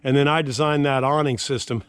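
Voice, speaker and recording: A man's voice: medium pitch, fairly even intonation, fairly quick, clear, resonant tone, no room sound. An older man filming himself outdoors with a handheld action camera, rambling in a folksy, grumbling way as he tours his lakeside yard. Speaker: homeowner giving a yard tour. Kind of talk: casual self-filmed vlog.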